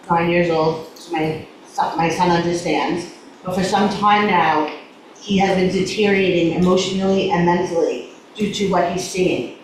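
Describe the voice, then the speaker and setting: A woman giving public comment as a parent, holding back tears, halting and repeating words as she pleads. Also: fairly low pitch. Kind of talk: public comment at a school board meeting. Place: large echoey meeting room. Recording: echoey room audio with faint noise, from a distance.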